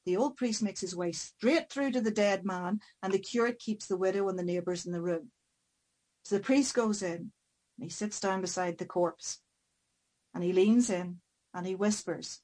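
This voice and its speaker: A woman's voice: medium pitch, moderate pace, darkish tone, poor audio. Woman telling a folk tale. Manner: dramatic, varied pacing. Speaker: storyteller.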